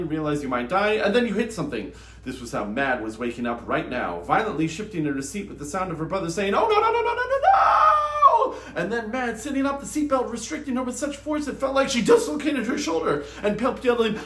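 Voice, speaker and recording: A man hosting a book channel, reading passages from a novel aloud in an expressive, dramatic way and acting out the dialogue. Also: sits high, roomy sound. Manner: animated, acts out dialogue with shouts. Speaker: booktube host reading from novels.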